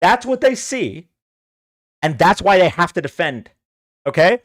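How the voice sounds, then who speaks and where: Combative livestream host, lively pitch. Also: male voice, measured pace, dry recording. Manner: combative, sarcastic, taunting viewers. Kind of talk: heated livestream political rant.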